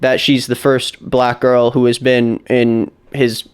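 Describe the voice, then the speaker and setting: A man's voice: mid-range voice, little pitch movement, takes it slowly, clear, resonant tone. A man giving a blunt, indignant commentary on a video. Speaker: commentary YouTuber. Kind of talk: casual commentary.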